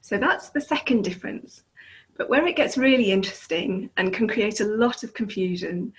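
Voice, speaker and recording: A woman with an English accent, an ESL teacher explaining language differences in a clear, deliberate way and demonstrating how words sound. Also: mid-range voice, animated, poor audio. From England.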